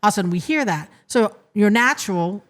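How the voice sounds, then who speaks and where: A woman's voice: medium pitch, animated, fast talker. A woman talking as a podcast guest, with a voice in the middle of the usual range. She is chatty and easygoing, and she fills her explanations with "you know" and "like". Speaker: guest, restaurant co-manager. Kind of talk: casual interview chat.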